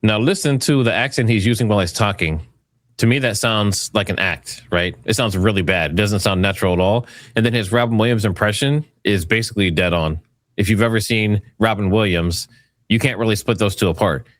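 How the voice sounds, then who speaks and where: This is a man hosting an online commentary video with a fairly low voice. He talks casually and speculatively, circling back over his points, and the sound is dry and close. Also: a little fast, dry recording. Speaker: commentary host.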